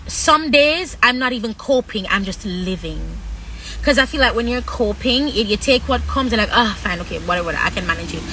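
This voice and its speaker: A woman speaking frankly on a livestream, halting often with long pauses as she talks about her own life. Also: mid-range voice, noisy background. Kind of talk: candid personal talk.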